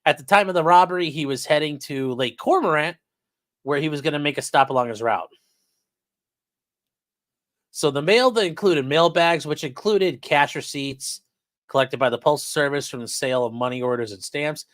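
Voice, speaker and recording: A man's voice: fairly high pitch, moderate pace, fairly bright tone, no echo. A man casually commenting on court cases for a livestream chat, sarcastic and blunt, with the odd curse. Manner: sarcastic, talks straight to chat, swears. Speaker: streamer discussing court cases.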